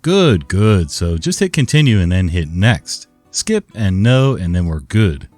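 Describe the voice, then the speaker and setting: A man's voice: low voice, very animated, a little slow, darkish tone, no echo, faint music behind, heavily acted. A man voicing a patient, weary male help-desk worker with polite, scripted phrasing.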